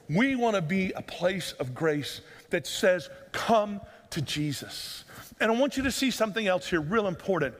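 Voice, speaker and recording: High-pitched preacher guy, earnest, pleading, lots of rhetorical questions, long echo like a big church. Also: fairly bright tone. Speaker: pastor. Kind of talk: sermon. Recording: long reverb of a large room.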